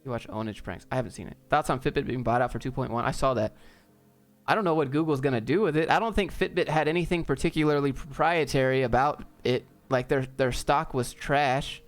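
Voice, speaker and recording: A man from the American South answering viewer questions casually on a live stream with quick, offhand replies. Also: medium pitch, soft background music.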